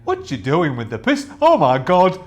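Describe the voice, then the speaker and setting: A man voicing a blunt, rough male stone gargoyle guarding a gate. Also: on the high side, huge pitch swings, normal speed, voice pushed up. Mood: gruff.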